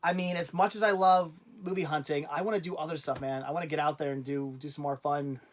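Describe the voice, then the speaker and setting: A man hosting a casual livestream in a fairly high voice. He rambles and drifts off mid-thought, restarts his sentences, and breaks into easy laughter as he chats on. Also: fairly even intonation, fast talker. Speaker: livestream host.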